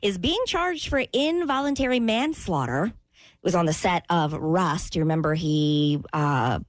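A woman's voice: on the low side, lively intonation, a little slow, no echo. A woman hosting a radio talk show, retelling a news story in a chatty way with some fillers. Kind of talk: casual chat.

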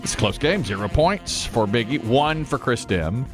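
A man hosting a morning radio show, upbeat and reading trivia quickly. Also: medium pitch, animated, music in the background.

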